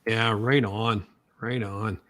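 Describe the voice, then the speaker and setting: Relaxed man hosting a podcast. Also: on the low side. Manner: relaxed, halting, reads listener comments. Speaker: podcast host. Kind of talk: casual chat.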